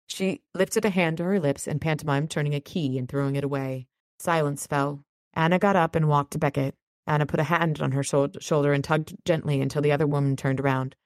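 Low-voiced woman reading a novel aloud. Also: steady tone, a little fast, darkish tone, no echo, studio quality. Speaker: podcast host reading and recapping a novel. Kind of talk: casual book reading and recap.

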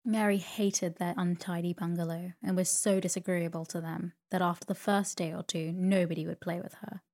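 A woman narrating a sleep story in a slow, soothing reading voice. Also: fairly low pitch, flat delivery, a little mellow.

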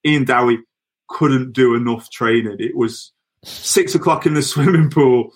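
A man's voice: medium pitch, unhurried. Man, middle-aged, former footballer, podcast guest, chatty, laughs through anecdotes. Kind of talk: casual anecdote telling.

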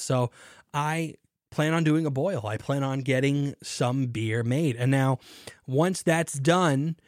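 A man's voice: medium pitch, darkish tone, no echo. A man hosting his own podcast from a cramped home studio, talking casually with lots of fillers and self-mocking asides. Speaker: podcast host. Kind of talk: casual solo podcast talk. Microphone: studio microphone.

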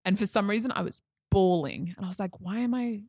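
A woman's voice: mid-range voice, fairly quick, darkish tone, dry recording, studio quality. A young woman telling a personal story in a casual chat, acting out the lines she quotes. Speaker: guest.

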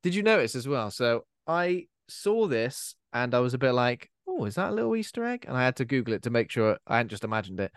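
A man's voice: mid-range voice, sing-song, fast talker, few pauses, dry recording, studio quality. A man co-hosting a podcast, chatting casually about a film and acting out quoted lines in silly voices. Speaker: podcast co-host.

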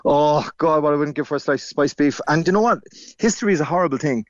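A man's voice: on the high side, fast, no room sound. A man from Cork with a Cork accent calls into a radio show. He chats easily and laughs often. His voice sounds dry and close, as if over a phone call. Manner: chatty, laughing, easygoing. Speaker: caller. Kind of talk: casual radio chat.

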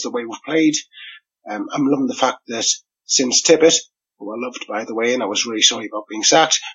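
A man's voice: mid-range voice, breathy edge. A man with an English accent leaving an upbeat, chatty voicemail for a podcast. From England. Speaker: voicemail caller. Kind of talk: phoned-in voicemail. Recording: muffled voicemail audio.

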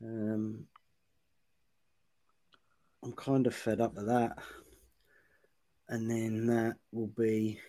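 A man's voice: fairly low pitch, monotone, extremely slow, long pauses, warm tone. A man hosting a casual podcast on an online group call. He is chatty and self-deprecating, and his speech is full of ums. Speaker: podcast host.

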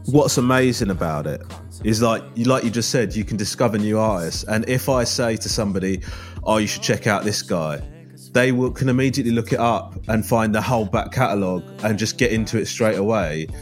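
Enthusiastic sweary host. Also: male voice, on the low side, a little fast, faint music behind. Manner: enthusiastic, sweary, lots of fillers. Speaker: podcast host. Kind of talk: casual chat.

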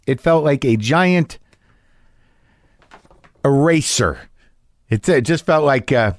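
A man's voice: a little high, very animated, measured pace, long pauses, dry recording, studio quality. A man hosting a podcast, talking alone in a frank, profane, self-deprecating way. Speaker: podcast host. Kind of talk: solo monologue.

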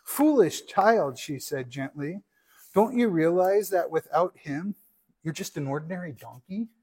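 A man voicing a gentle mother donkey who chides her son softly in a read-aloud story. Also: a little high, expressive, normal speed, breathy edge. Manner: gentle, chiding.

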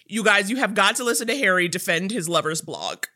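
A woman co-hosting a podcast, expressive and playful in casual chat. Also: mid-range voice, a little fast. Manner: expressive, playful, lots of fillers. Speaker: podcast co-host.

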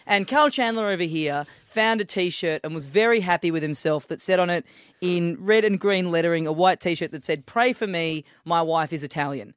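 A man hosting a podcast, ribbing his co-host. His voice sits high for a man and sounds close and dry. He is wry and playful. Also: normal speed, a bit bright, clear, resonant tone, no echo. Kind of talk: casual podcast banter.

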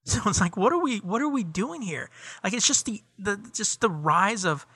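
Bright, heated middle-aged podcast ranter. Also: male voice, high-pitched, big pitch swings, moderate pace, husky, dry recording. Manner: rambling, profane, heated ranting with many fillers. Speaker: podcast co-host. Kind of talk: casual chat.

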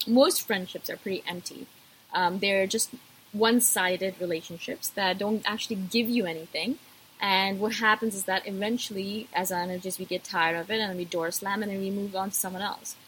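A woman's voice: mid-range voice, fairly even intonation, normal speed, fairly bright tone, slight background noise, low-quality recording. A woman vlogger talking casually to camera, emphatic and repetitive, addressing her viewers directly.

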